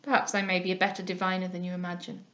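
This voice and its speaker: A woman reading aloud, voicing an elderly male guardian who speaks softly, mildly and solemnly. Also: medium pitch, normal speed, highs cut off, natural voice. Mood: grave. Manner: soft, mild, solemn speech.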